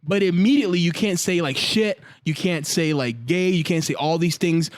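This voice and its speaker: A man's voice: on the high side, moderate pace, no room sound, clean studio sound. A man co-hosting a casual podcast chat, telling stories and acting out quoted lines as he goes. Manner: animated storyteller, acts out quotes. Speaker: podcast co-host.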